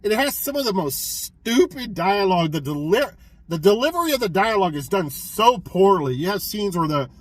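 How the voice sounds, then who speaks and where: Excitable, foul-mouthed man retelling a movie. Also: high-pitched, normal speed, no room sound, low-quality recording. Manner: excitable, profane storytelling with many restarts. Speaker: physical media collector reviewing films. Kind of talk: casual film review chat.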